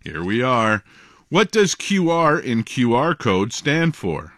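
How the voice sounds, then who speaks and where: A man's voice: mid-range voice, very animated, slow pace, a bit bright, dry recording. A man co-hosting a call-in radio show, reading trivia questions aloud. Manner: chatty, reads questions aloud. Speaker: radio co-host.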